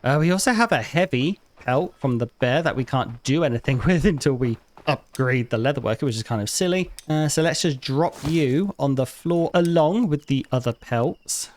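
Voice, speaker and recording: A man talks through his gameplay in a loose, conversational way, as a regular host would. He chats directly to the game's characters and now and then leaps into high, indignant outbursts before settling back down. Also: animated, moderate pace, few pauses. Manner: chatty, talks to game characters, mock outrage in sudden high bursts. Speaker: gaming YouTuber. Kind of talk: casual gameplay commentary.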